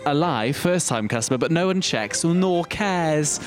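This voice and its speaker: Brief: male comedy sidekick, self-mocking and theatrical, voice swooping through a lively pitch range. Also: unhurried. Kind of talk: scripted comic banter.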